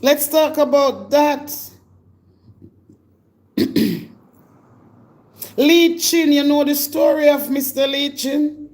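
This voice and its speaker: A woman's voice: high voice, very slow, pauses often, darkish tone. A woman with a Jamaican accent hosting a live stream, delivering an indignant, confrontational rant straight at her target. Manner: scolding, indignant, addresses her target directly.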